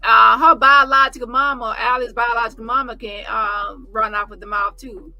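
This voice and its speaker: A woman's voice: fairly high pitch, steady tone, moderate pace, no room sound, muffled recording. A woman hosting a commentary channel, reacting to clips in an emphatic way and stretching out words to stress them.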